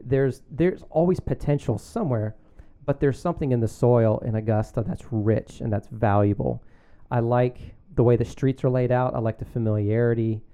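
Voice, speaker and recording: Laughing storyteller man, mellow voice. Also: medium pitch, normal speed, few pauses, clear, resonant tone. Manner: animated, laughing storyteller with many fillers. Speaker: guest, magazine founder. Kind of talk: casual storytelling.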